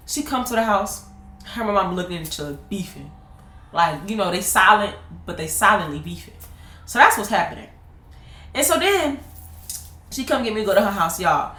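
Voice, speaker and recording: A woman in her twenties telling a personal story to her viewers in a casual, animated way, laughing often. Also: mid-range voice, normal speed, pauses often. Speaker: vlogger. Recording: roomy echo.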